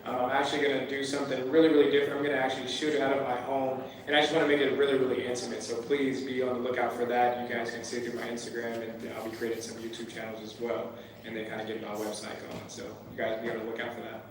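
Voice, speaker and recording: A man's voice: mid-range voice, flat delivery, fast, background noise. A man talking plainly on stage, promoting his social media and upcoming show. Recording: echoey hall from far off.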